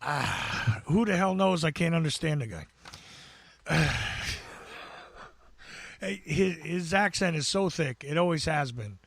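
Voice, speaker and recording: An American man with a gravelly, buzzing voice, chatting casually as a podcast guest and rambling with stammered restarts. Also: on the high side, animated, slow, pauses often, fairly bright tone, dry recording. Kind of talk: casual chat.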